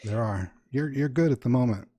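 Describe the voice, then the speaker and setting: A man's voice: medium pitch, a little fast, noisy background. A man narrating as game master of a tabletop horror game, improvising scenes with wry, playful asides.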